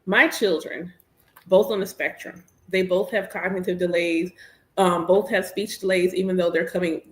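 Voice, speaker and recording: A woman in her thirties, a priestess, chatting casually and candidly while she works, playful and animated. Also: lowish voice, normal speed. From United States. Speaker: priestess and host. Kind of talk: casual chat while working. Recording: echoey room.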